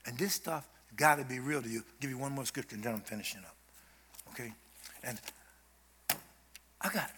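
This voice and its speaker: A man's voice: medium pitch, sharp tone, slight background noise. A man preaching an informal sermon as a guest preacher, in an emphatic, conversational way.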